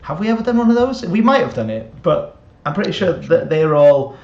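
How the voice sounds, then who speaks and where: Brief: upbeat male co-host, slightly high voice, quick laughs, roomy dull remote audio. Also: vocal fry. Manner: excitable, laughs often, many restarts. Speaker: podcast co-host. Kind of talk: casual chat. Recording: echoey dull lo-fi call audio.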